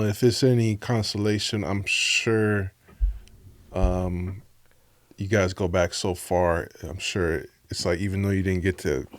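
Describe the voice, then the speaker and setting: Low-voiced bay area host, chill, dry mic. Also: male voice, dry recording. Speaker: podcast host. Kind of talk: casual interview chat.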